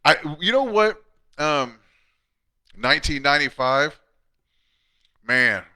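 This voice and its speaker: A man's voice: a little high, lively intonation, slow pace, sharp tone, clean tone. A middle-aged man, a chiropractor hosting a casual live Q&A, talking bluntly and chattily. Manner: blunt, chatty, reads out viewer questions.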